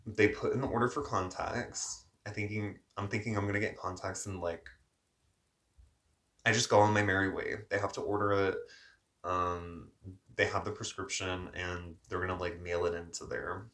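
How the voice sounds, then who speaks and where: A man's voice: fairly low pitch, fairly bright tone. A young adult man telling a story in a casual, chatty vlog style, full of filler words. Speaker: vlogger.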